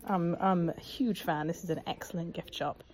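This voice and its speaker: A woman's voice: fairly low pitch, steady tone, moderate pace, a little mellow. A woman vlogging in a museum gift shop, chatty and enthusiastic with laughing asides. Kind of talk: casual vlog chat.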